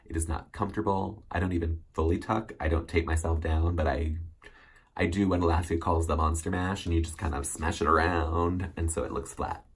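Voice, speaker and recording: A man's voice: sits low, fairly even intonation, fairly quick, breathy edge. A man hosting a solo recap show, chatting casually and rambling with many ums and self-corrections. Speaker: recap host.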